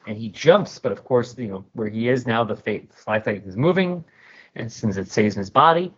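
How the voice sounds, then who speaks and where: A man casually recapping a comic story with jokey, animated storytelling. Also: fairly low pitch, moderate pace, slightly rough. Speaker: podcast host. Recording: dull lo-fi recording.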